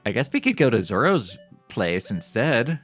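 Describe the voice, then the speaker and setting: A man's voice: medium pitch, moderate pace, over music. A man streaming gameplay live, chatting casually with his viewers in a joking, self-mocking way. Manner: animated, joking, talks to chat.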